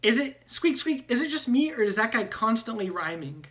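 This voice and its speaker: A jittery talking rat man who keeps saying "squeak, squeak" between phrases, as a woman puts him on, in a high, lifted voice. He sounds anxious and hurried in a casual online tabletop game. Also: big pitch swings, a bit bright. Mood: worried. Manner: peppers every phrase with squeaks.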